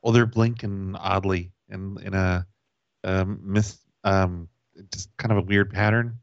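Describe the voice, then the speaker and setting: A man making deadpan prank calls and chatting casually, halting with fillers as he talks. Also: low-pitched, gravelly, no room sound. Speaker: prank-calling co-host. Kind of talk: prank call and casual chat. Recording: dull dry sound.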